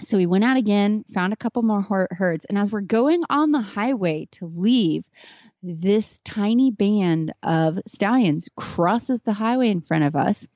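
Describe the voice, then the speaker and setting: A woman's voice: medium pitch, lively intonation, unhurried, a little mellow, dry recording. Earnest, chatty woman on a dull recording. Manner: earnest, chatty, tearing up at moments. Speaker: podcast guest, horse trainer. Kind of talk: casual podcast conversation.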